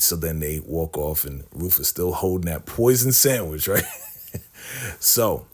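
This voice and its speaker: A man's voice: sits low, animated, measured pace. Chatty man recapping a show. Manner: chatty, laughs often, asks viewers. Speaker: TV recap vlogger. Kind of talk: casual recap chat.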